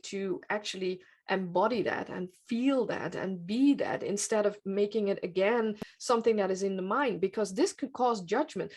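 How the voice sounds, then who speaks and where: A woman hosting a conversational podcast, with a voice in the middle of the usual range. She talks in a reflective, searching way and works her thoughts out aloud. Light laughs often break into her talk. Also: mid-range voice. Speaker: podcast host. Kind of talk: conversational interview.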